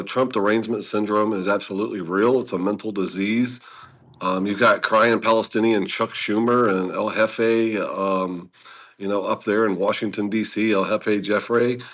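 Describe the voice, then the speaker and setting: A man's voice: fairly low pitch, a bit bright. A man co-hosting a political chat show, speaking emphatically and filling his talk with "you know.". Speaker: co-host.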